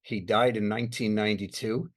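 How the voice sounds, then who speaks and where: Low-voiced man hosting an interview. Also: steady tone, a little fast. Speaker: interview host. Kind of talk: casual interview chat.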